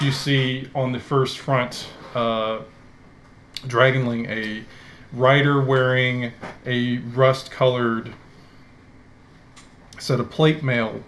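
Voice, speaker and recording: A man running a tabletop game as dungeon master, telling the scene slowly and dramatically. He speaks into a headset at a mid pitch, with a faint hiss under the voice. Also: fairly bright tone. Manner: slow, dramatic storytelling.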